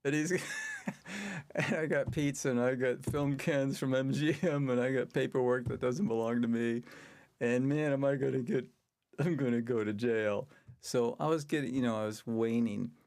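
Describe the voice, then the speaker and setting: This older man speaks in a mid-range, slightly mellow voice with a sing-song lilt at a moderate pace. As a guest on a podcast, he tells a lengthy, casual story, laughing softly throughout and raising his voice whenever he imitates someone else's words.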